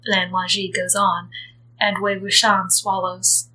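A woman narrating a story aloud at an unhurried pace. Her tone is bright and clear, and her reading is gentle and expressive. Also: medium pitch, low-quality recording. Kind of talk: reading fan fiction aloud.

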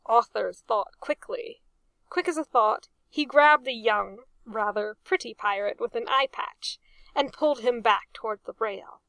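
Slow, amused woman reading a story. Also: medium pitch, a bit bright, no echo. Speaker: narrator.

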